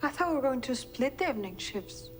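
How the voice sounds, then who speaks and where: An actress playing a brisk, matter-of-fact young hotel clerk who gives instructions. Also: female voice, high voice, sing-song, over music.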